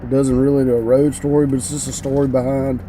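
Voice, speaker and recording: A man's voice: medium pitch, little pitch movement, fast, mellow, slight background noise, low-quality recording. A man with a strong Southern US accent, co-hosting a podcast from a parked car and telling a story in a dry, drawling way. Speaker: podcast co-host, filmmaker. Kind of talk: casual chat, storytelling.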